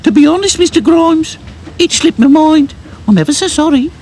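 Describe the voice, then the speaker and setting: A flustered canteen lady apologises in a high, fluttery voice, as a man plays her. She sounds anxious to please. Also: expressive, normal speed, a little mellow, slight background noise. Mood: apologetic.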